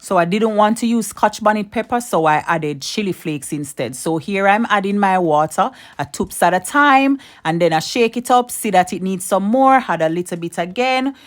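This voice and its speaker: A woman hosts a casual cooking tutorial, speaking in an animated mid-range voice at a moderate pace with few pauses. Chatty and talking straight to viewers, she gives step-by-step tips and repeats her advice.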